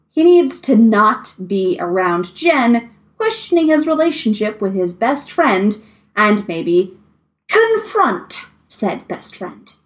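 A woman reading fan fiction aloud with expressive storytelling. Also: fairly high pitch. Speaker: story reader.

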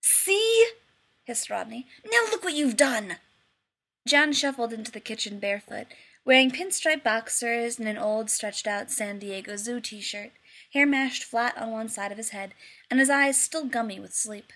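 A woman's voice: a little high, normal speed, bright, forceful tone. A woman narrating a story expressively in an audiobook reading.

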